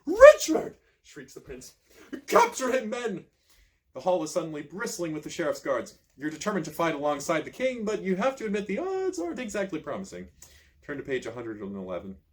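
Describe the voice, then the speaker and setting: A man reading a choose-your-own-adventure book aloud, with lively storytelling and casual asides. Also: on the high side, quick pace. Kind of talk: expressive read-aloud narration.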